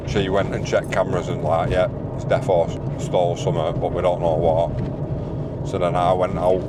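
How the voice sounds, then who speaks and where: A man's voice: low-pitched, moderate pace. A young man, telling a story in a casual, slangy way outdoors by a road. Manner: animated, slangy storytelling with put-on quoted voices. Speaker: vlogger. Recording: loud traffic noise outdoors.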